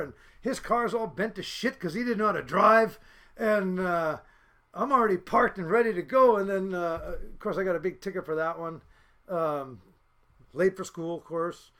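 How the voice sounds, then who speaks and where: A man's voice: high voice, moderate pace, a bit bright. A man in his fifties from the United States, a fishing boat captain telling blunt, salty, rambling stories as a podcast guest. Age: 50s. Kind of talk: casual storytelling.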